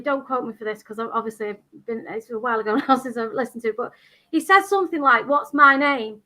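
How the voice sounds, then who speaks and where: A Scottish woman guest telling a story in an animated, casual way. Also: high voice. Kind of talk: casual chat.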